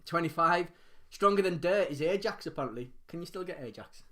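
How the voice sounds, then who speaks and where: A man's voice: fairly high pitch, lively intonation, fairly bright tone. A man hosting a casual live quiz from his home dining room, reading out answers and chatting between them. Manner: reads answers briskly, chats and laughs between. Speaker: quiz host.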